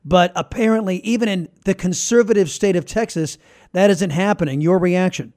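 A man hosting a political talk podcast, emphatic, slowing down to stress his points. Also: sits high, darkish tone. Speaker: podcast host.

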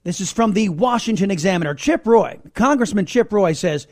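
Combative high-pitched male talk host. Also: lively intonation, normal speed, few pauses. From United States. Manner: combative, sarcastic, emphatic. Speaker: podcast host. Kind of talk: opinionated political talk.

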